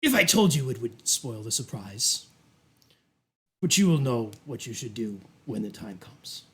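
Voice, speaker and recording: A man voicing a cruel, sinister old male duke in a tabletop game, speaking in a slow, soft, menacing purr. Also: medium pitch, big pitch swings, pitched below the performer's own voice. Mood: coolly menacing.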